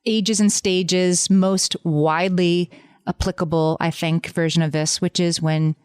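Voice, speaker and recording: Lower-voiced woman co-host, quick to laugh. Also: clear, resonant tone, no room sound, clean studio sound. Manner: animated, laughs easily. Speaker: podcast co-host. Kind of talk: casual chat.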